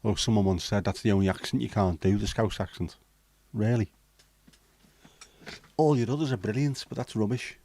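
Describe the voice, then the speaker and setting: A man's voice: lowish voice, normal speed, a little mellow, dry recording. A middle-aged man hosting a casual livestream chat, reading out viewer comments and answering them bluntly, swearing freely. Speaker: livestream host.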